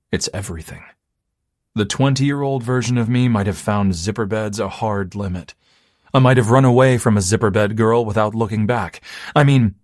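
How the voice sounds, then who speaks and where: A man reading a first-person romance audiobook in a husky, fairly low voice. His delivery is expressive and intimate, swinging lively in pitch, recorded close and dry. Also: dry recording. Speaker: audiobook narrator.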